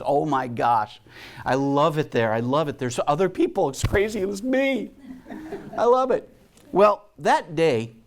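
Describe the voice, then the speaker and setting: A man giving a heartfelt storytelling talk to a spiritual community, acting out the voices of people in his stories. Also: mid-range voice. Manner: animated storyteller, acts out voices. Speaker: guest speaker and musician.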